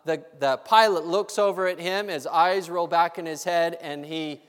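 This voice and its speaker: A man's voice: fairly high pitch, moderate pace, clean tone. A man preaching a sermon, telling a story and acting out the voices of its people. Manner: animated, acts out voices in the story. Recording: long hall reverb.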